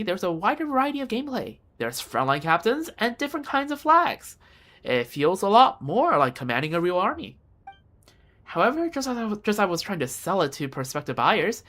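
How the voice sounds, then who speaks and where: A woman's voice: fairly low pitch, a bit bright, voice pushed up. A woman voicing a shrewd male merchant who talks at length to justify himself, reading game dialogue aloud. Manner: wordy, self-justifying. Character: shrewd scheming male merchant, smooth talker.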